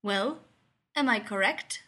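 A sly, gossipy male lab colleague, voiced by a woman narrating a story. He speaks with stiff, slightly formal phrasing, and his tone comes out bright and sharp. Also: mid-range voice, lively intonation, takes it slowly. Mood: teasing.

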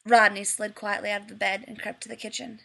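A woman's voice: mid-range voice, flat delivery, fast, creaky, fairly bright tone. A woman narrating a story expressively in an audiobook reading.

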